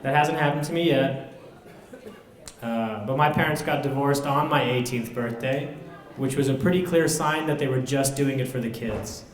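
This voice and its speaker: In an echoey college student center, a young man from Southern California delivers dry, self-mocking stand-up comedy with filler pauses. He speaks at a medium pitch.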